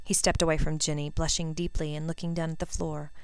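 Woman audiobook reader, lowish and smooth, even delivery, dry close mic. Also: dry recording. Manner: even, unhurried storytelling with quoted dialogue. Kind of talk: fan fiction audiobook reading.

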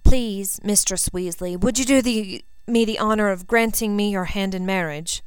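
A woman's voice: medium pitch, normal speed, clear, resonant tone, no room sound, lightly acted. A woman doing a lumbering, awkward teenage suitor. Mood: imploring.

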